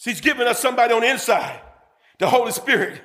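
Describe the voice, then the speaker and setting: A man preaches with a very high, bright, ringing voice, rising into fervent shouted bursts and drawing amens from his congregation. His sermon carries a long reverb that trails through a church hall. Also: animated, fast talker.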